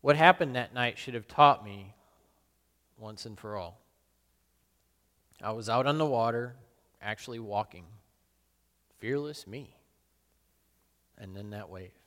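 A man playing the apostle Peter, a burly fisherman full of guilt, in a solemn, halting dramatic monologue. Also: lowish voice, fairly bright tone. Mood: remorseful. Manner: solemn, halting and self-questioning. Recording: long reverb in a large hall.

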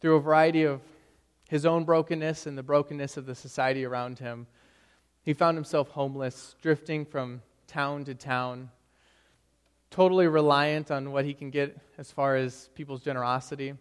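A young male pastor delivers a sermon with a slightly high voice, talking easily and telling stories as if chatting with the congregation. His words ring out with a long reverb, as in a church sanctuary. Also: steady tone, moderate pace, clear, resonant tone. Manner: storytelling, conversational with frequent "right?" asides.

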